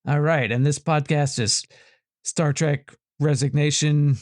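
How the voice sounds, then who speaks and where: A man's voice: fairly high pitch, fairly even intonation, unhurried, no echo, studio quality. A man hosting a casual podcast, rambling and self-correcting as he talks. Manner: rambling, full of restarts and filler. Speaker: podcast host.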